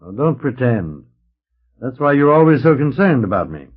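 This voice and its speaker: A weary old ham actor, wry and theatrical, his lines rising and falling with lively stage flair, as a man puts him on. He sounds gloomy under the show. The recording is dull and lo-fi. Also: mid-range voice, moderate pace, slightly rough, voice pushed up.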